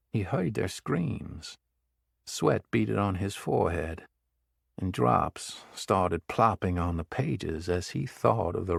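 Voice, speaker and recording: A man giving measured, dramatic scripted narration of a thriller audiobook. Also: fairly low pitch, creaky, breathy edge, no echo, studio quality.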